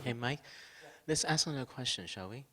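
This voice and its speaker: A man moderating a forum, giving brief, low-key prompts and calling on people for questions. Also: animated, fairly quick, noisy background.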